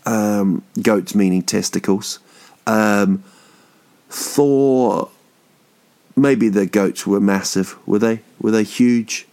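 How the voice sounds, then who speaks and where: A man's voice: on the low side, takes it slowly, darkish tone. A man in his thirties hosting a podcast, rambling through a jokey, swearing monologue that drifts off topic. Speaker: podcast host.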